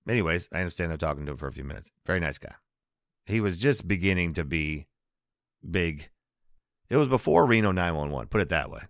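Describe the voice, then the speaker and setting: A man's voice: low voice, animated, a little fast, no echo, clean studio sound. A man hosting a casual comedy podcast monologue, rambling, restarting sentences and laughing at his own jokes. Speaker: podcast host.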